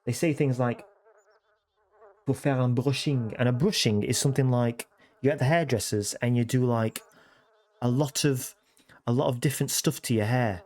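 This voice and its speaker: A man's voice: medium pitch, moderate pace, a little mellow. A man chatting casually with livestream viewers from his home computer room, repeating phrases and correcting himself as he goes.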